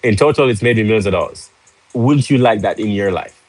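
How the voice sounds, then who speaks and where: A man's voice: lowish voice, a little fast, a little mellow, no room sound, rough recording. A man hosting a live stream, casual and pushy, urging viewers with rhetorical questions and joking with the chat. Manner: salesy, pushy, laughs easily. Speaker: livestream host.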